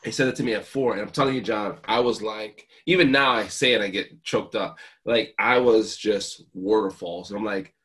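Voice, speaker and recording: Earnest guy, kinda low voice, heartfelt stories, gets emotional easy. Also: normal speed, hardly any pauses, fairly bright tone. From New Jersey. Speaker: guest speaker. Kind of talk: emotional storytelling.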